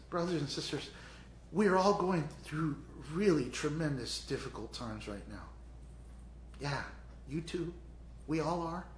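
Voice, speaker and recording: A pastor preaches a sermon in a chatty, animated way, often slipping into little acted scenes. His voice sits high for a man. It rings through an echoey church room. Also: a little hiss or hum. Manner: animated, conversational, acts out scenes.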